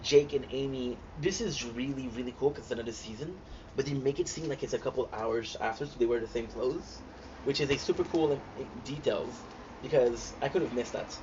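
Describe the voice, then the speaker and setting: A man recapping TV episodes in casual, excitable talk, gushing with lots of fillers and restarts. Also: medium pitch, fairly quick. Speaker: host reacting to a TV series. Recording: dull lo-fi sound with clear background noise.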